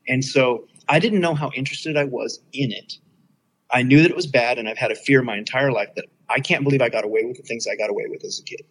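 A middle-aged man speaks in a slightly husky, breathy voice at an ordinary pitch. He tells a personal story in easy conversation and animates the quoted voices, leaping well up in pitch for other speakers' words. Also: fast talker, low-quality recording. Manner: animated, acts out quoted dialogue with big pitch jumps. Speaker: guest telling his story.

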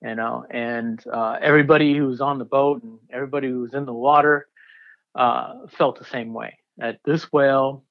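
A man in his fifties, a diver telling a story in an interview, excitable and rambling with many fillers and restarts. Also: medium pitch, moderate pace, highs cut off.

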